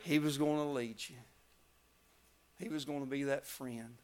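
A man preaching a revival sermon, telling stories and building to loud climaxes. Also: medium pitch, steady tone, measured pace.

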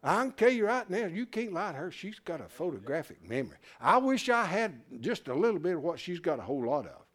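A man teaches scripture to a small class in a loose, interactive sermon. His voice sits high and rides wide swings in pitch as he jokes, quizzes his listeners and builds his points in a folksy way. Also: fast. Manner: animated, folksy, questions the class. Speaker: Bible study teacher.

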